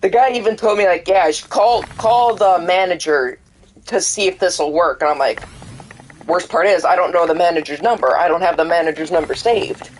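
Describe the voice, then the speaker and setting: A man's voice: high-pitched, normal speed, slight background noise, poor audio. A young man streaming a game, chatting casually and rambling, swearing a lot and acting out both sides of conversations. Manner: rambling, profane, acts out quoted exchanges. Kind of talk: casual chat while gaming.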